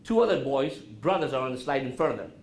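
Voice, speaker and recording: A man giving an interactive talk to a college class, asking the students questions and dropping his voice low to show calm. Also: fast. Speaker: guest speaker at a college business class. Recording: roomy classroom with faint noise.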